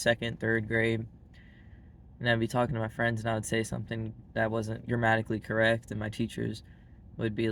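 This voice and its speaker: Flat-voiced Southern man, blunt and rambly. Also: lowish voice, creaky, a little hiss or hum. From Arkansas, US. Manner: blunt and frank, heavy use of "like" fillers. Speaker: vlogger. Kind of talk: casual monologue to camera.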